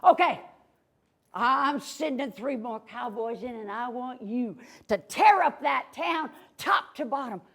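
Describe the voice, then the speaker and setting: Brief: bossy, indignant outlaw chief as done by a woman storyteller, high and swooping, shouts orders. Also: animated, a little slow. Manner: blustering, demanding, barking orders. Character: mean outlaw gang boss hoarding chocolate.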